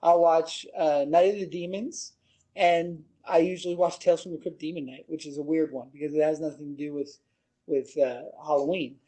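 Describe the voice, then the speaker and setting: Man, fairly high voice, upbeat podcast host who keeps the chat moving with questions. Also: fairly even intonation, moderate pace, mellow, low-quality recording. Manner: upbeat, leads the talk with questions. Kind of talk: casual chat.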